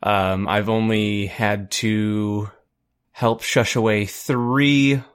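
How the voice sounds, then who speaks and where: A man's voice: on the low side, steady tone, extremely slow, smooth. A man co-hosting a podcast, telling a rambling story full of fillers and swearing. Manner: rambling, profane, uses many fillers. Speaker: podcast co-host. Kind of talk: casual storytelling chat.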